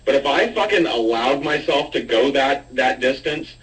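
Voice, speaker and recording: A man's voice: medium pitch, expressive, moderate pace, fairly bright tone. Blunt, swearing man on a distant call. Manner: blunt, self-mocking, swears freely. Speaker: chat room participant. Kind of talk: casual heated group chat.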